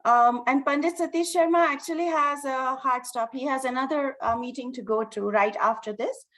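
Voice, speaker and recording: A woman's voice: high voice, normal speed, a bit bright. A woman moderating a video call panel in a casual style, with hesitant, filler-heavy phrasing. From United States.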